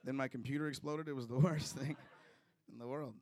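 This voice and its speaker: A man's voice: medium pitch, fairly even intonation, a little fast, a little mellow, dry recording. A young man from Chicago doing a loose, chatty stand-up set with crowd work, chuckling through his own jokes. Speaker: stand-up comedian.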